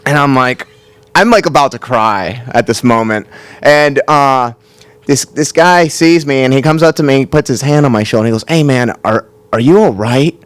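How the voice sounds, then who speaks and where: A man's voice: medium pitch, a bit bright, clear, resonant tone, no room sound. Chatty man telling a story on stage. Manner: casual, quick and chatty, leans on "like". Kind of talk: live first-person storytelling. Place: storytelling event stage before a crowd.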